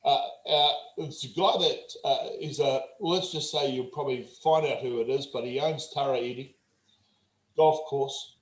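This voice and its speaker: A man's voice: mid-range voice, normal speed, a little hiss or hum. A New Zealand man in his forties, a performance coach telling stories bluntly and with plenty of swearing in a casual interview. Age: 40s. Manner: blunt, profane, animated storyteller. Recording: roomy echo.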